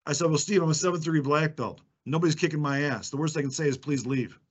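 A man's voice: fairly high pitch, steady tone, fast talker, dull audio. A man telling sales stories in a confident, emphatic way and acting out the dialogue, as a podcast guest. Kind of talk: conversational storytelling.

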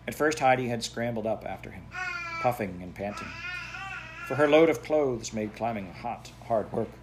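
A man narrating a children's classic aloud in a steady, plain storytelling manner. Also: fairly low pitch, slight background noise. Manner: steady, plain storytelling with a few self-corrections. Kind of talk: audiobook reading of a children's classic.

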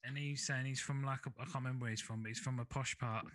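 Laid-back podcast host. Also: male voice, medium pitch, fairly even intonation, fast, a bit bright, poor audio. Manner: laid-back, chatty, asks for agreement. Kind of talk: casual chat.

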